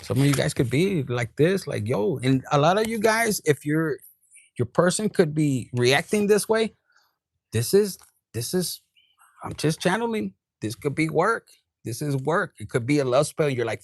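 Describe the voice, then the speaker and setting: A man giving a tarot reading, his voice sitting a little high and full of gravelly fry. He swears freely and switches between English and Spanish. The sound is dry and close. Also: moderate pace, dry recording. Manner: profane, animated, switches into Spanish. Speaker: tarot reader.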